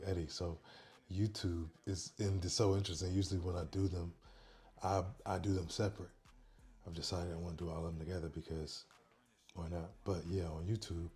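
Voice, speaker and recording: A man hosting a casual livestream, talking softly and quietly into a microphone worn on his neck. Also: low voice. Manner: soft, quiet, chill talk, reading chat aloud. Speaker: livestream host.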